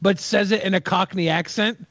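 A wisecracking male co-host with a high voice, riffing on clips in casual commentary. His voice sounds dry and a little dull, like a lo-fi recording. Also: fairly even intonation, moderate pace, fairly bright tone, dry recording. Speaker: podcast co-host.

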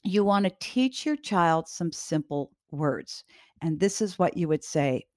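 Woman, lower voice, calm and direct parenting teacher, dry sound. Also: unhurried, dry recording. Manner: calm, direct, repeats key advice. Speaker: parenting educator. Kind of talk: instructional talk to parents.

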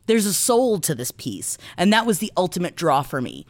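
A woman's voice: on the low side, very animated, normal speed, hardly any pauses, no room sound. A woman co-hosting a podcast who reads quotes from production notes in a casual chat. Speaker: podcast co-host.

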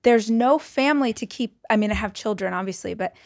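A woman's voice: a little high, brisk, gravelly, no room sound. Chatty woman podcast host, dry sound. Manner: chatty, reflective, many "like" fillers. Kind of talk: casual podcast interview.

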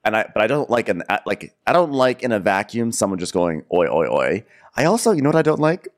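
A man's voice: fairly low pitch, sing-song, a little fast. A man co-hosting a podcast, chatting casually and comedically, mock-ranting and laughing often. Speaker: podcast co-host. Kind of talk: casual comedic recap chat.

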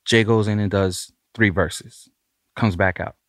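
A man's voice: on the low side, a little slow, no echo. A man, a record producer casually telling a studio story and acting out the voices of the people in it. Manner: animated, acts out the voices of others in his story.

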